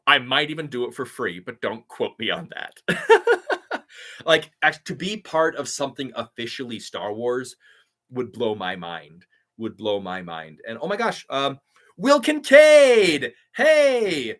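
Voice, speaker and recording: A man's voice: medium pitch, moderate pace, sharp tone. A male voiceover artist hosting a casual live stream, answering viewer comments in an eager, chatty and grateful way.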